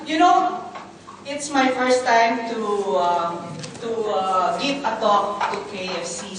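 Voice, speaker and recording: A Filipino woman in her fifties gives a chatty church talk, questioning the audience and slipping in Tagalog asides. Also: fairly high pitch. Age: 50s. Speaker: guest speaker at a church ministry event. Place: large hall. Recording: very echoey hall from far off, faint noise.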